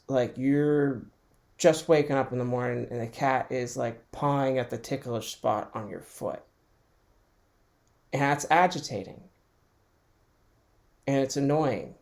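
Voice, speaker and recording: A man's voice: medium pitch, vocal fry. A man hosting his own podcast from home, talking through his thoughts in a rambling, reflective way and chuckling often. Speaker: podcast host. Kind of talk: casual solo monologue.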